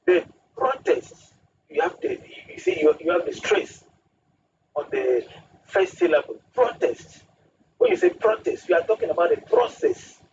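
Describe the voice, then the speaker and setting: A man's voice: high-pitched, huge pitch swings, normal speed, vocal fry, a little mellow. A man, a guest on a radio talk show, speaking emphatically and using proverbs. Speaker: studio guest. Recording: distant muffled radio studio with hiss.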